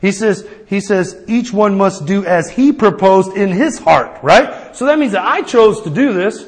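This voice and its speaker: A man's voice: high voice, moderate pace, big-room sound. A man preaching a sermon, plain-spoken and personal, often calling out for an amen. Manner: call-and-response asking amen.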